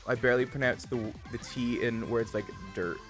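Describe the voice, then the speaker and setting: A man's voice: medium pitch, steady tone, normal speed, music in the background. A man chatting casually with his stream viewers, rambling and thinking aloud as he plays. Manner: chatty, digressive, muses about pronunciation. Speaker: livestream gamer.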